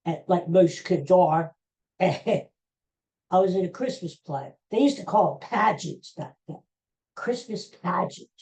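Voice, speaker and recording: A middle-aged woman talks on her own podcast in a slow, drawn-out way. Her voice sits low and sounds warm and relaxed. She rambles through stories with restarts and side remarks, and gives blunt opinions. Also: rough recording. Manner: rambling storyteller with many restarts and asides; blunt sports fan opinions. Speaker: podcast host. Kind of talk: casual solo podcast chat.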